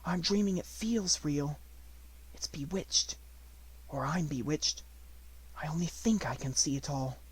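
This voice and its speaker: A man's voice: on the high side, a little slow, pauses often, slightly rough, poor audio. Man doing a breathless little girl. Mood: breathless, wondering. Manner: breathless, hushed, rising to excited cries. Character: poor little girl, wondering and tender.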